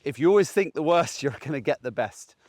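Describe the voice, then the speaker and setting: A man's voice: on the high side, animated, brisk, a little mellow, no room sound, studio quality. Chatty man giving dog-training tips. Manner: chatty, plain-spoken, keeps checking in with "okay?". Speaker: gundog trainer. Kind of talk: casual outdoor training advice. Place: outdoors in a grass field.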